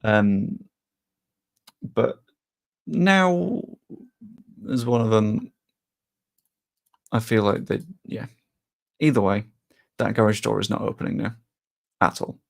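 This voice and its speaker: A man's voice: on the low side, slow pace, gravelly, long pauses. A man chatting casually on a live stream, rambling a little and answering viewers' messages. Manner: rambling, reads chat aloud and answers it.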